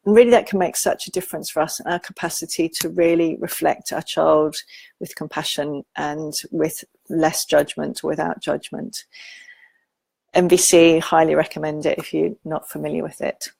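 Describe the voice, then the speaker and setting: A woman giving a gentle, informal talk on parenting, teaching with soft asides and quoted examples. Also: low-pitched, level tone, moderate pace, gravelly, husky, no echo. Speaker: parenting educator.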